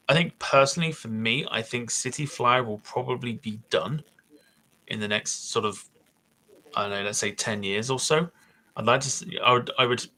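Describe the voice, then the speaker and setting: A man's voice: medium pitch, sharp tone, low-quality recording. A man hosting a podcast, thinking aloud in casual chat with many hesitations. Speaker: podcast host.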